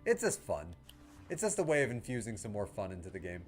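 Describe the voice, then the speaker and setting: A male game streamer chatting casually with his viewers, his pitch swinging in a lively way. He rambles with lots of "like" and quick laughs. Faint music plays behind him. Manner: chatty, lots of fillers and laughs, answers chat. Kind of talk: casual livestream chat.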